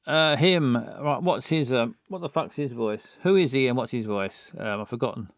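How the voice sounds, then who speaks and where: A man's voice: mid-range voice, normal speed, no echo, clean studio sound. A man giving rambling, sweary commentary as he plays a story game and makes up voices for it. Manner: scattered, muttering, sweary asides. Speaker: game player. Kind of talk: let's play commentary.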